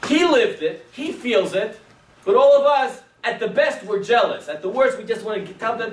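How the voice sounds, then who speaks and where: A male rabbi tells a story to his class in a high, animated voice, shifting from ringing exclamations to hushed asides. He sprinkles in Hebrew and Yiddish words. The sound is roomy and distant, with faint noise behind. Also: normal speed. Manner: dramatic, swings between loud exclamations and hushed asides. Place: synagogue classroom. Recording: echoey room, distant mic, faint noise.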